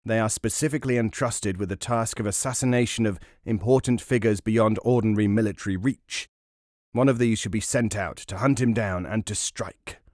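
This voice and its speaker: A male narrator voicing a drunk, bullying general who barks orders and shouts. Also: fairly low pitch, normal speed, no echo, clean studio sound, natural voice. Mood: angry. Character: drunk, bullying Russian general, middle-aged man.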